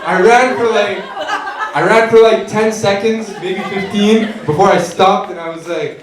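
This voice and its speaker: A young man telling a profane, animated stand-up story on a comedy club stage. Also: sits high, moderate pace, recorded from a distance. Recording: echoey club with crowd laughter. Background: audience laughter.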